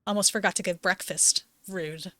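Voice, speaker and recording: A woman's voice: on the low side, fairly even intonation, normal speed, bright, forceful tone, dry recording. A woman voicing a smug, demanding male house cat who talks in clipped, broken sentences. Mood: grumbling.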